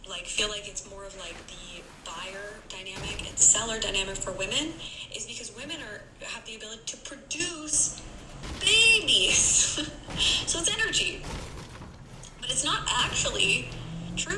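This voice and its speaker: A woman's voice: fairly high pitch, expressive, moderate pace. A woman dating coach chatting casually on a live stream, acting out dialogue in her stories. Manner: chatty, acts out dialogue in anecdotes. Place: room at home, streaming live. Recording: echoey room with loud background noise.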